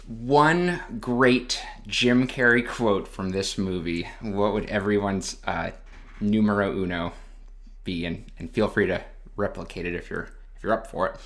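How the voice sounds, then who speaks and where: A man co-hosting a casual podcast chat, laughing often and talking in an animated way. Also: lowish voice, a little slow. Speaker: podcast co-host.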